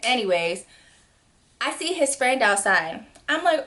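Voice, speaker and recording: A woman in her twenties telling a storytime vlog, animated and acting out quotes with sudden jumps in pitch. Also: measured pace. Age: 20s. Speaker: vlogger. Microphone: camera mic.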